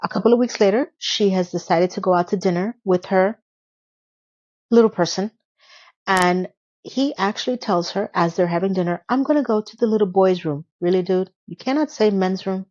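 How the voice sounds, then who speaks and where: A woman chatting through a TV episode recap in a middle-pitched voice, dropping sarcastic asides as she retells each scene. The audio is slightly dull and lo-fi. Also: normal speed, a little mellow. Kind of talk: casual chatty commentary.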